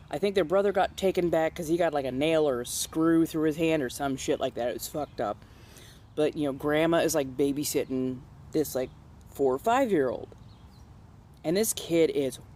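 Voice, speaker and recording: A woman's voice: low voice, a little hiss or hum. A young woman chatting casually with followers while doing her makeup, telling stories in a blunt, profane way and acting out the people she talks about. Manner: animated, acts out other people in quoted voices.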